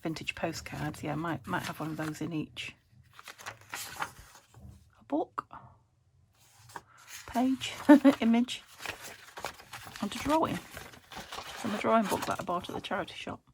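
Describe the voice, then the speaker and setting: Chatty British woman with a gravelly voice. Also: lowish voice, slow, pauses often, background noise. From United Kingdom. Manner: rambling, thinks aloud, laughs often. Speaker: crafting channel host. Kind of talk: chatty crafting vlog. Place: home craft room.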